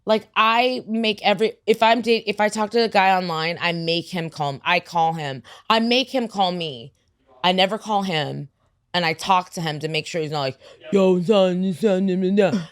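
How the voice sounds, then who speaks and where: A woman's voice: lowish voice, moderate pace, fairly bright tone, smooth. Blunt woman in her forties. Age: 40s. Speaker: podcast co-host. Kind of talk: casual chat.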